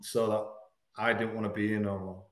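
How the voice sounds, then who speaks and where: A man from Hull, frankly telling a painful personal story as a podcast guest, halting at the hardest moments. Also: fairly low pitch, flat delivery, a bit bright, echoey room. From Hull, England. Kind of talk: candid personal storytelling in an interview.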